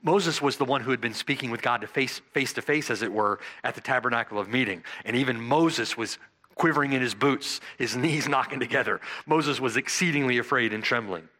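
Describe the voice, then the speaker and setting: A man preaching an expository sermon, stressing key words slowly and dramatically and asking his listeners "right?". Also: mid-range voice, pushed and bright. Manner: asks the congregation rhetorical "right?".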